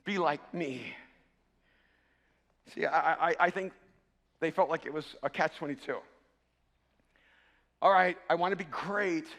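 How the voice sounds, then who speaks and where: A man preaching a sermon, swinging from loud shouting to hushed asides and often repeating words as he starts a sentence. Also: on the high side, normal speed, vocal fry, long pauses, in a large hall. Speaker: pastor.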